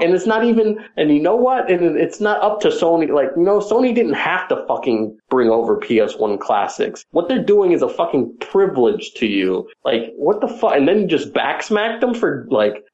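A man on a gaming podcast, fired up and swearing through a long rant. His voice sits a little high and shoots higher when he gets angry. The recording sounds dull and lo-fi. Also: big pitch swings, moderate pace, hardly any pauses, a little mellow. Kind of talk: profane ranting gaming chat.

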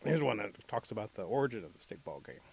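A man telling a traditional story as a guest, in a relaxed, animated way. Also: fairly low pitch, fast, creaky, breathy edge.

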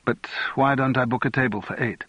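A man playing a relaxed, teasing politician. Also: medium pitch, brisk, slightly rough, no room sound, muffled recording. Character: relaxed, clubbable young Scottish politician.

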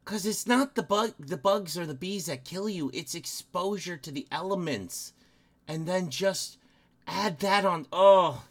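A man's voice: sits high, measured pace. A man co-hosting a podcast in profane, jokey casual chat. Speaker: podcast co-host.

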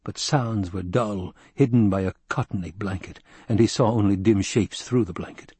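A man reading a novel aloud as an audiobook narrator, in a measured storytelling manner. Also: lowish voice, dark tone, slightly rough, no room sound. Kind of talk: scripted narration.

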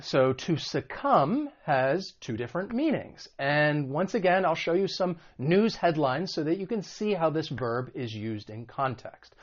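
A man's voice: on the high side, lo-fi sound. A man teaching English vocabulary in a video lesson, explaining in a friendly way and putting questions to the viewer.

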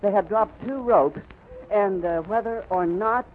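High-voiced guy doing a live radio report from an airfield, old crackly thin recording. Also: unhurried. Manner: vivid, flowing description. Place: outdoors on an airfield. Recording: crackly 1930s radio recording, phone-like band.

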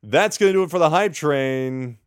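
A man's voice: on the high side, lively intonation, normal speed, smooth, no room sound, clean studio sound. A man hosting a gaming news podcast, reading release lists and ranting with sarcastic, mock-dramatic outrage. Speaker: podcast host.

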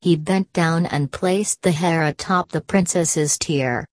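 Low-voiced woman reading a fairy tale. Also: slow, darkish tone, dry recording. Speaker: storyteller. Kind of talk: scripted fairy tale narration.

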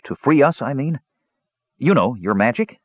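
A big young man, acted out by a male reader, groans through glum, low-voiced lines, husky and somewhat raised in pitch. He sounds beaten down. The recording is dull and lo-fi. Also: lively intonation, normal speed, no echo.

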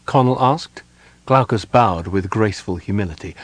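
A man narrates a fantasy novel in a measured, expressive audiobook reading. His low, husky voice moves a lot in pitch, and the recording is dry and close. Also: no room sound.

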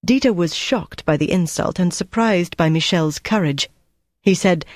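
Audiobook narrator reading a war thriller, steady and even, dry booth sound. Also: mid-range voice, normal speed, no echo. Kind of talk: scripted narration.

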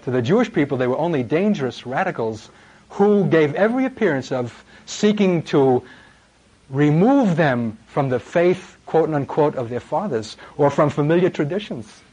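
A middle-aged man delivers a fervent sermon with a slightly high voice. He swings between pressing emphasis and hushed, low endings, dramatic throughout. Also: lively intonation, moderate pace, husky, muffled recording. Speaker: preacher.

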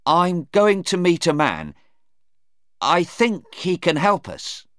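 A man's voice: fairly high pitch, sing-song, a bit bright, no room sound, clean studio sound, voice pushed up, full character voice. A man voicing an agitated young man in a story. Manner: quick and emphatic.

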